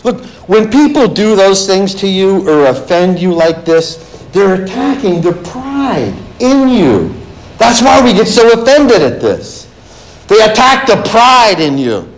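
A man's voice: high-pitched, very animated, unhurried, rough recording. A middle-aged man preaching a sermon, reading scripture aloud and stressing it with emphasis. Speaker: pastor.

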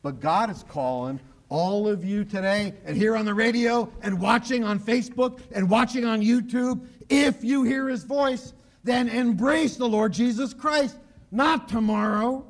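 A male pastor preaching a sermon, emphatic and repetitive, often dropping to a low, quiet voice for asides. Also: unhurried. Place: church broadcast on radio and online.

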